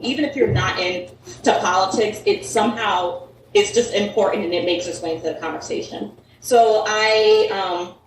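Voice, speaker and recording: A woman's voice: mid-range voice, slight background noise. Rambling woman from Connecticut. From Connecticut, USA. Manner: rambling, heavy use of "like" and "um". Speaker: guest, podcaster. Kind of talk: casual chat. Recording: echoey room, mic at a distance.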